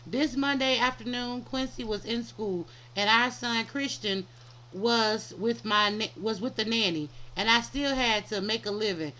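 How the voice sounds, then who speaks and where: A woman reads a first-person story aloud for her podcast. Her voice is bright and a little high. She stumbles often, restarting lines and correcting herself as she goes. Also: a little slow, low-quality recording. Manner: stumbling reading with frequent restarts and self-corrections. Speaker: podcast host reading a book aloud. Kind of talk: reading a book aloud.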